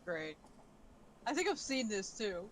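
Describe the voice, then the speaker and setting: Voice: medium pitch, big pitch swings, measured pace, fairly bright tone, slight background noise. A co-host on a game stream, chatting casually and recounting anime plots. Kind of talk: casual gaming stream chat.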